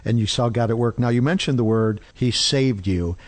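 A man's voice: medium pitch, moderate pace. A man hosting an interview, attentive, summing up what his guest said. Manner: attentive, gives short affirmations. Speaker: interview host. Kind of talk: interview conversation.

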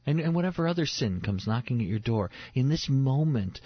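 A man's voice: mid-range voice, animated, brisk, breathy edge, no room sound. A man teaching the Bible in a sermon style, emphatic and repeating key phrases for stress. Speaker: preacher on a faith show. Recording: dull lo-fi sound.

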